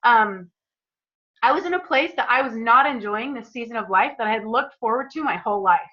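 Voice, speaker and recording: A woman's voice: on the high side, animated, a little fast, lo-fi sound. A woman talking casually to a group on a call, chatty and earnest, openly emotional as she shares her story. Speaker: product presenter.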